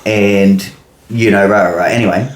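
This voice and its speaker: A man's voice: lowish voice, steady tone, moderate pace. Laid-back guy, echoey room. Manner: loose storytelling, swears, many fillers. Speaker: podcast co-host. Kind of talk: casual chat.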